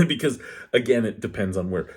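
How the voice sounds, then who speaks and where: Husky-voiced man rambling. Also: mid-range voice, expressive, moderate pace, darkish tone. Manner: rambling, digressive, candid; talks with his hands. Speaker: beer reviewer. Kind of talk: casual review vlog.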